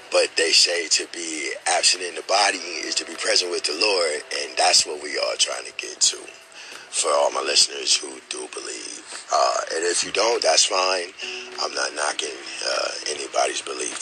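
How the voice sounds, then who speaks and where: A middle-aged man hosting his podcast, speaking in a halting, emotional way, repeating words and often saying "man" as he holds back tears. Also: a bass voice, vocal fry, bright, forceful tone, faint music behind, poor audio. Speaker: podcast host. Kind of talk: emotional spoken dedication.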